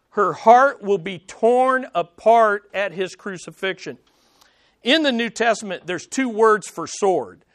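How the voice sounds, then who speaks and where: High-voiced pastor preaching slowly. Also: male voice, no echo, clean studio sound. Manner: emphatic, swinging from loud to hushed. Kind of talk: sermon. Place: church sanctuary with congregation.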